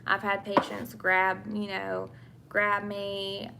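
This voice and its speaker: A woman's voice: medium pitch, monotone, takes it slowly, creaky, noisy background. A young woman with a Southern US accent, from England, chatting casually with viewers about work as a nurse while doing her makeup. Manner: chatty, answers viewer questions, many fillers and restarts. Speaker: nurse and vlogger.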